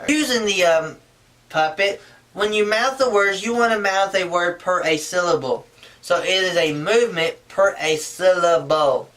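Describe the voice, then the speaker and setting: A man's voice: high-pitched, unhurried, fairly bright tone, recorded from a distance. A man giving a casual how-to tutorial, talking in an earnest, rambling way and often restarting his sentences. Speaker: puppetry instructor.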